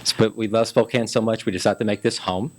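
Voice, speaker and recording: A man's voice: fairly low pitch, fairly even intonation, quick pace. A man in his fifties from Memphis, Tennessee, a city council candidate telling his life story in a folksy, chatty way during an interview. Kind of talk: casual interview chat.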